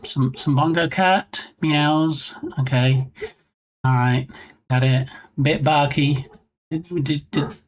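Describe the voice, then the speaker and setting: A man hosting a casual game development live stream, reading chat aloud with rambling, dry, self-mocking asides. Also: a little high.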